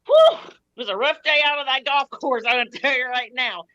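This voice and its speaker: A woman's voice: high-pitched, fairly quick, fairly bright tone, no echo, muffled recording. A woman playing a tipsy, brash auditioner who rambles in a loose, drawling voice in an improv scene. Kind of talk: improv comedy character.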